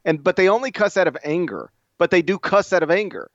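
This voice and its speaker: Fast and sing-song, with a voice that sits high, this middle-aged sports podcast co-host rambles through tales and teases the other host. The sound is dry, dull, and lo-fi.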